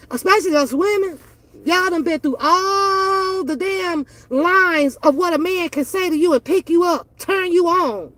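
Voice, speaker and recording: A woman's voice: very high-pitched, a bit bright, dry recording. A woman, ranting bluntly and profanely on her reaction channel. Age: 40s. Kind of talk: casual opinion rant.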